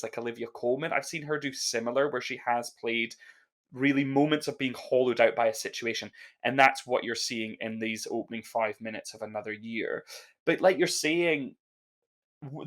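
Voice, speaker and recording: A man co-hosting a podcast, talking casually and earnestly about films, full of effusive praise and some restarts. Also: medium pitch. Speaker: podcast co-host. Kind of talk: casual film chat.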